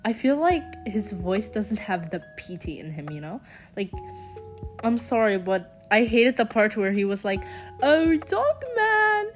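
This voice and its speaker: A young woman giving a chatty, casual voice-over commentary with quick sarcastic asides. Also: medium pitch, faint music behind. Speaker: commentary vlogger.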